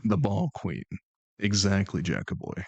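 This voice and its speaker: A man's voice: deep voice, very animated, a little slow, vocal fry, a little mellow, breathy edge, dry recording, highs cut off. A man hosting a live stream, chatting casually and playfully bantering with his chat and thanking viewers. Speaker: streamer host.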